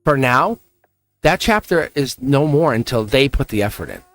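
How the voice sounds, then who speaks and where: A tarot reader hosting a livestream talks at a moderate pace in a medium-pitched, slightly bright voice with lively intonation. Soft music plays behind him as he chats casually, encourages viewers, and laughs a lot.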